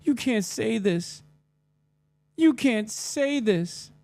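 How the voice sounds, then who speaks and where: A man putting on the voice of a whiny, outraged young online fan, mocking him with a shrill whine. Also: lively intonation, very slow, creaky, darkish tone, no echo, exaggerated voice. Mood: whiny outrage.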